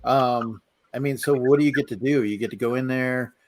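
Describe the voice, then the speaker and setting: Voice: medium pitch, a little fast, no room sound. A podcast host asking casual, rambling questions in an interview. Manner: asks rambling, playful questions.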